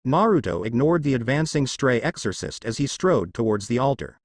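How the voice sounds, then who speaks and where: Guy narrating a fanfic, animated up and down tone, dead dry recording. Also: medium pitch, fairly quick, no echo. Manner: steady storytelling, lively intonation. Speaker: reader. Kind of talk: fanfic story reading.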